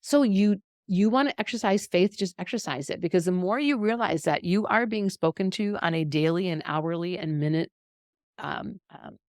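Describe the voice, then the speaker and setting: Encouraging middle-aged woman, lowish voice. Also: moderate pace, dry recording, clean studio sound. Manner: animated, encouraging, laughs often. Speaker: health educator. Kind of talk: faith-based teaching talk.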